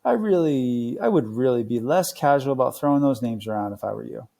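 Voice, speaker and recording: A man's voice: medium pitch, expressive, a little fast, creaky, warm tone. A man putting on a snide, haughty camp director. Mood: warning. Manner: scornful, scoffing.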